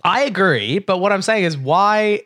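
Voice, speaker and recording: A man's voice: sits high, animated, moderate pace, a bit bright. A man co-hosting a podcast, chatting casually, laughing often and swearing freely. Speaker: podcast co-host. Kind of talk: casual chat.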